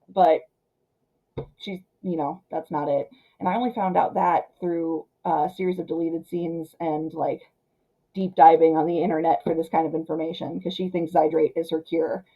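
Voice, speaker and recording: A woman reviewing a film in a chatty, animated way, full of fillers like "um" and "like.". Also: sits low, normal speed, low-quality recording.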